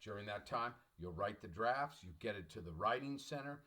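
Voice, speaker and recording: A middle-aged man, a college English professor, lecturing an online class in an emphatic, repetitive, motivational way and clearing his throat often. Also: on the low side, expressive, moderate pace, sharp tone.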